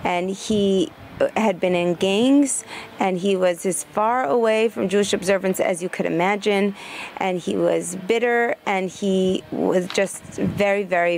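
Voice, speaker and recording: A woman teaching a Torah-based parenting lesson, telling a story at length. She speaks earnestly at a middling pitch and draws out her phrases. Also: unhurried, vocal fry, darkish tone, slight background noise.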